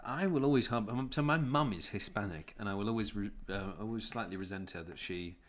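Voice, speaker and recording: A man's voice: fairly low pitch, fairly quick. A man from England chatting casually on a live stream, jokey and self-mocking as he tells stories. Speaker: actor signing prints for fans.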